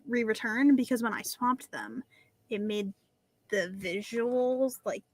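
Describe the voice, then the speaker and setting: Female guest, slightly higher voice, rambling casual chat over a call. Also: slow, a little mellow, no room sound. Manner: rambling, explaining in fits and starts. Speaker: stream guest.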